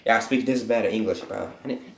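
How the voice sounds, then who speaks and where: A man's voice: on the low side, fast talker, creaky, slight background noise. A man casually retelling a fan story, rambling and swearing as he goes. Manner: rambling, leans on "basically" and swearing. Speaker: channel host. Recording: roomy echo.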